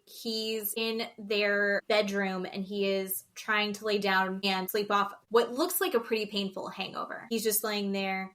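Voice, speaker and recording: A woman's voice: mid-range voice, bright, forceful tone. A woman co-hosting a podcast, chatting casually about a reality show and acting out quotes with exaggerated voices. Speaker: podcast co-host. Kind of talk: casual recap chat.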